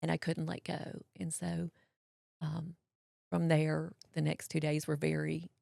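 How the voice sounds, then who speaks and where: Lady in her 50s, super gravelly low voice, dry close sound, tells her story all folksy. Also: unhurried, dry recording. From Mississippi, US. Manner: folksy, animated storyteller acting out other people's lines. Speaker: guest. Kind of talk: personal storytelling in an interview.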